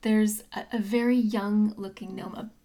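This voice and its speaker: A woman's voice: medium pitch, fairly even intonation, normal speed, vocal fry, warm tone, faint music behind. A woman game master narrating a tabletop game in a casual, rambling way. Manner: casual, rambling, filler-heavy.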